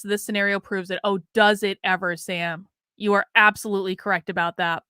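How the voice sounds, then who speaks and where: A fairly high-voiced woman hosts a commentary livestream, reading news and chat messages aloud. Her remarks turn sharply sarcastic. The sound is dry and close, with no room echo. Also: sharp tone. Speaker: livestream host.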